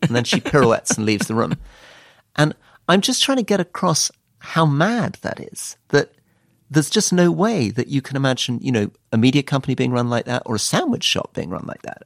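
A man's voice: medium pitch, lively intonation, a little fast, gravelly, no echo. A British man, a former politician turned author, giving dry, wry interview answers. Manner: dry, wry storytelling with quoted asides.

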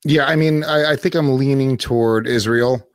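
A man co-hosting a casual podcast chat, relaxed and a little hesitant. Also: mid-range voice, normal speed, clean tone, no room sound, clean studio sound.

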